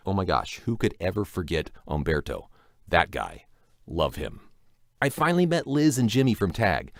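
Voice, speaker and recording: A male voice actor tells his story in a low, very animated voice that jumps all over the scale. He is chatty and self-deprecating, drifting into asides. The sound is bone-dry, recorded at home. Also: dry recording. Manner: animated, playful delivery. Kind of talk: conversational recap narration.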